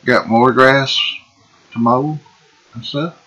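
A man giving folksy, excitable gameplay commentary and calling the viewers folks. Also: medium pitch, slow pace, muffled recording. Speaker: gaming video host. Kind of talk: casual let's-play commentary.

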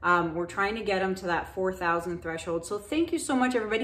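A woman's voice: mid-range voice, expressive, quick pace, hardly any pauses. A middle-aged woman hosting her painting channel, chatting casually and gratefully to viewers with plenty of fillers. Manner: chatty, thankful, loose with fillers. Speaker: acrylic pour painting channel host.

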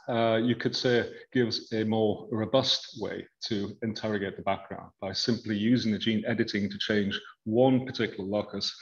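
A man lecturing on research, walking the audience through slides in a measured, hedging way. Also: on the low side, lo-fi sound. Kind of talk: academic lecture.

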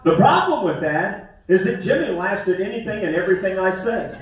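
A man's voice: high-pitched, animated, fairly quick. Self-deprecating comedian in his fifties. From West Virginia. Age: 50s. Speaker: stand-up comedian. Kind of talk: stand-up comedy set. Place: theater stage. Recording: echoey theater from far off.

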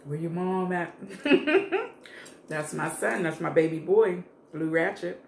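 A middle-aged woman in a casual eating vlog, chatting to viewers while she eats. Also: deep voice. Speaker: food vlogger. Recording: echoey room with faint background noise.

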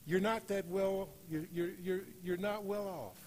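A man preaching a sermon in a church, slowing on key phrases and rising to loud, emphatic peaks. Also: high-pitched. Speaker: guest preacher. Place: church sanctuary.

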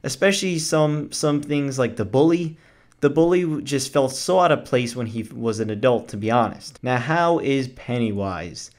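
A man's voice: medium pitch, animated, moderate pace. A man casually reviewing an old movie on his channel, rambling and correcting himself as he goes, with frequent chuckles.

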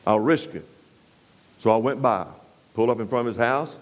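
A West Texas man delivers a revival sermon in a homespun, storytelling manner, going low and hushed for emphasis and leaning harder into scripture. His pace is moderate, and the audio quality is poor.

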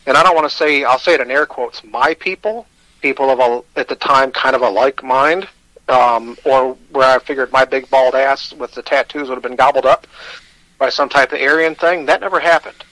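A man's voice: mid-range voice, moderate pace, bright, forceful tone, no echo, low-quality recording. A man with a Michigan accent, telling his personal story as a radio guest, candid and self-deprecating, with hesitant restarts.

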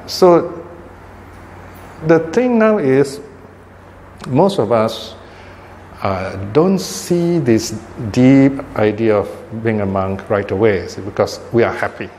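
A man's voice: mid-range voice, lively intonation, slow, pauses often, darkish tone. Older man giving a dharma talk. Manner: conversational, frequent "you know" and "right?" tags. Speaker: Buddhist teacher. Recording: hall reverb, faint ambient noise.

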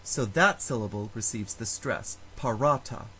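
Man explaining Latin, lively and careful. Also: mid-range voice, a little hiss or hum, poor audio. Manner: slow, careful explanation with spoken examples. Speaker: Latin teacher. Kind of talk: recorded lecture.

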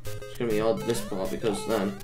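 A woman giving excitable, self-mocking commentary while playing a video game, often exclaiming at what happens on screen. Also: very deep voice, a little fast, faint music behind. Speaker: gaming YouTuber. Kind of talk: let's-play commentary.

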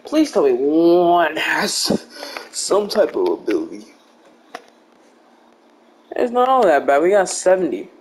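A man's voice: on the high side, big pitch swings, slow pace, pauses often, a little hiss or hum. A young man giving casual, rambling gameplay commentary with joking, blunt trash talk. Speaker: gaming video creator.

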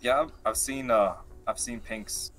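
A man guest on a livestream, speaking in a quiet, hesitant, low-key way. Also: steady tone, measured pace, faint music behind. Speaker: stream guest. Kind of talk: casual livestream chat.

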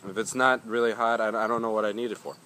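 A young man talks through a hot pepper review in a loose, rambling vlog, cursing freely and grumbling as he goes. His voice sits low but sounds bright and forceful, with crickets chirping faintly behind him outdoors. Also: steady tone, fast, slight background noise. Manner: rambling, swears often, grumbling. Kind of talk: casual vlog talk.

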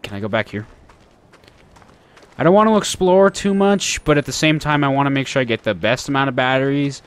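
A man gives let's play commentary on a horror game, his pitch jumping around a lot as he reacts. He is chatty and often speaks straight to the characters on screen. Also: fairly bright tone. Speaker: gaming channel host.

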